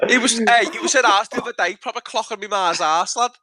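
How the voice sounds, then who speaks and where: A man's voice: sits high, fast, heavy background noise. A young man with a Scouse accent arguing and teasing his mates on a podcast, calling everyone "lad". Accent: Liverpool Scouse. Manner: argues, says "lad" constantly, teasing. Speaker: podcast co-host. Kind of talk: argumentative casual banter.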